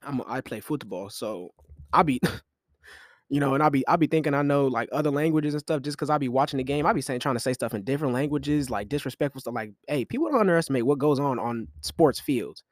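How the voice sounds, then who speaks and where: A young man riffs on sports drama for his podcast, loose and slangy, jumping between hushed asides and loud jabs. His voice sits at an ordinary middle pitch. The sound is dry and close, with no room behind him. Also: brisk, no echo. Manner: animated, slangy trash talk with laughs. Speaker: podcast host. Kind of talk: casual commentary.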